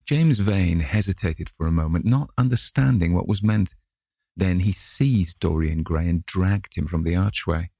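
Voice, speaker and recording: Deep, gravelly male narrator. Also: a little slow, dark tone, no room sound, clean studio sound. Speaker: audiobook narrator. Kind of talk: scripted narration of a classic novel.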